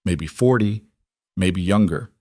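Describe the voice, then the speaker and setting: A man narrating a scripted story in a steady, measured storytelling voice. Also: deep voice, no echo, studio quality.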